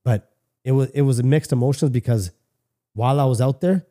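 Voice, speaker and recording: A warm, mid-range voice moving a little fast belongs to a middle-aged Canadian man appearing as a podcast guest. Casual and candid, he tells a personal story, curses freely, and keeps restarting his sentences.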